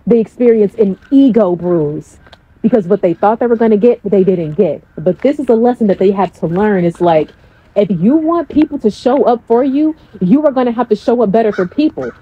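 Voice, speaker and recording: A woman's voice: mid-range voice, moderate pace, breathy edge, phone-quality sound. A woman coach speaking in a casual, blunt storytelling style, swearing freely.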